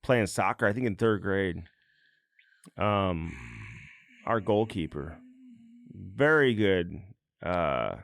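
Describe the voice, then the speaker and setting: A man in his forties co-hosting a podcast, telling stories in a casual, animated and self-mocking way. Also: deep voice, slow pace, vocal fry, pauses often, dry recording, clean studio sound. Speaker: podcast co-host. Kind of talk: casual chat.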